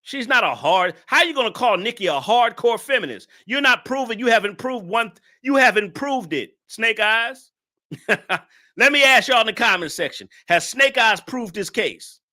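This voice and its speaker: A man hosting a casual live stream, answering his chat with teasing jabs and frequent laughter. His voice is bright and sharp, and his pitch swings widely as he talks. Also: lively intonation, normal speed.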